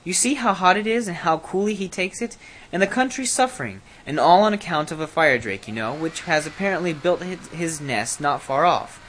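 A storybook reader voicing a scheming, self-serving old king who gives brisk, bossy orders. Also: mid-range voice, expressive, fairly bright tone, slight background noise, pitched above the performer's own voice, close to an everyday voice, poor audio.

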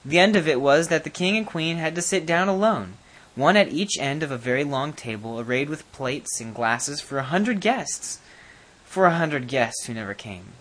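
Animated storybook narrator. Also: medium pitch, normal speed. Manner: expressive, animated. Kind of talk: storybook reading aloud.

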